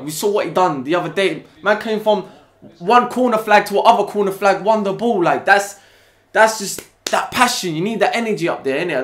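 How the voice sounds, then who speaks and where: A young man with a London accent reacting to a football match live, excitable and full of slang, yelling at the players. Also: high-pitched, roomy sound. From England. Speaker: football fan reaction channel host. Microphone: desktop USB mic.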